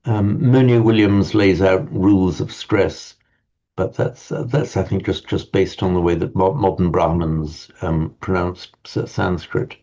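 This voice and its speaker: A man teaches a language class in a slow, halting, thoughtful way, often restarting. His voice is low, dark and gravelly. The recording sounds dull and lo-fi. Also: fairly even intonation. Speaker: Pali teacher.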